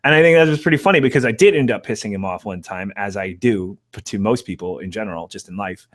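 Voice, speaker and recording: A man's voice: on the low side, fast talker. A man in a casual online chat, brash, crude and teasing.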